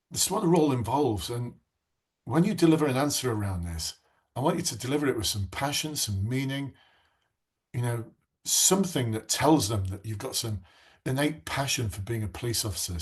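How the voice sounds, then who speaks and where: A man's voice: medium pitch, slightly rough. A man, coaching police recruits in a live online class and telling stories earnestly and passionately, with frequent restarts.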